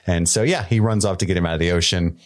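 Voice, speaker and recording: A man's voice: deep voice, fast talker. A man co-hosting a casual podcast chat, playful and joking, laughing often. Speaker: podcast co-host.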